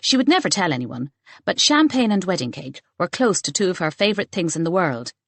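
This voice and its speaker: Expressive woman audiobook narrator. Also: fairly low pitch, brisk, no echo. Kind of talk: scripted narration.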